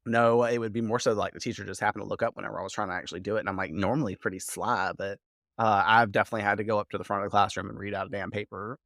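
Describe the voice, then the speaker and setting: A man with a low, gravelly voice talks through a show recap as a podcast co-host. He rambles loosely, leans on "like" and swears freely. The sound is dry and close. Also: fairly even intonation, racing, fairly bright tone, no echo. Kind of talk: casual recap chat.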